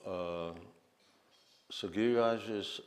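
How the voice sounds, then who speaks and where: A man speaking at a festival gathering, reading a memoir aloud and leading chants, with a translator. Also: lowish voice. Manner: reads quotes in a measured voice, breaks into leading chants.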